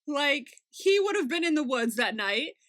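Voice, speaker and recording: A woman's voice: high voice, unhurried, no echo, clean studio sound. A young woman co-hosting a podcast, chatting casually and laughing often as she recaps a series. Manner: animated, swearing, laughing often. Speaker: podcast co-host.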